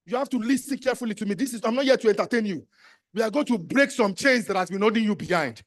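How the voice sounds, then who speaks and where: A man's voice: sits high, expressive, fast. A man with a Nigerian accent giving a live motivational speech as an entrepreneurship trainer, emphatic and exhorting, repeating commands and slipping into Pidgin.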